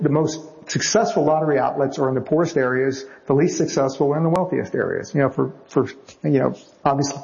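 Older male novelist guest, gravelly, muffled lo-fi sound, vivid raconteur. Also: mid-range voice. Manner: lively storyteller, acts out quoted voices. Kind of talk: anecdotal interview answers. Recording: slightly dull lo-fi audio.

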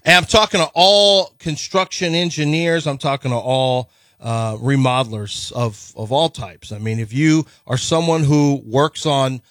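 A man on sports radio, talking casually and rambling with halting fillers. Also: mid-range voice, a bit bright, dry recording, clean studio sound. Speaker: radio co-host. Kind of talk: casual sports talk and live ad read.

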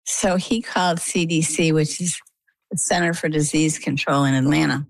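A middle-aged woman from the United States, telling her story in a lively, conversational way as an interview guest. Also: deep voice, normal speed, no echo, rough recording. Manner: animated, lively retelling.

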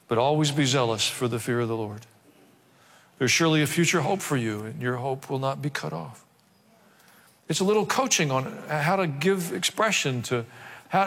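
A man's voice: a little high, fairly bright tone. A male pastor preaching a sermon, dropping wry asides and acting out quoted voices. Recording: long reverb of a large hall.

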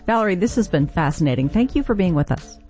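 A middle-aged woman hosting a public radio interview, asking measured questions and reading scripted introductions. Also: lowish voice, expressive, darkish tone, faint music behind. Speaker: radio show host.

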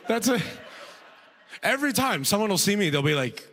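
Guy doing stand-up, bouncy lively voice, laughs at his own bits a lot. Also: high-pitched, normal speed, pauses often. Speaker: comedian. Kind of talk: stand-up comedy.

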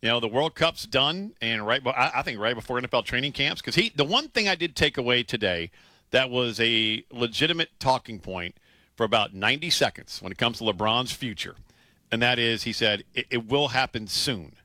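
A man's voice: mid-range voice, lively intonation, fairly quick, pushed and bright, no room sound, clean studio sound. A man co-hosting a sports radio show, talking loosely and jokingly and often repeating words as he starts a thought. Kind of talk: casual sports radio talk.

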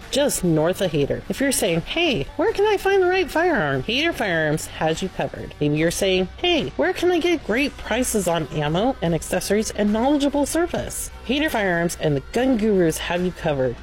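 A woman's voice: mid-range voice, lightly acted, low-quality recording. A woman reading a scripted gun shop radio ad in a hyped, exaggerated way.

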